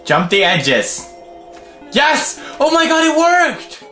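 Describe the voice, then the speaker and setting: A young Swedish-accented man rages through a video game, dropping into low mutters and breaking out in high, wild yells. His voice is bright and sharp and swings all over the place. It sits in an echoey room with faint music underneath. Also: huge pitch swings, takes it slowly. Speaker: gaming video host. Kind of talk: gameplay commentary.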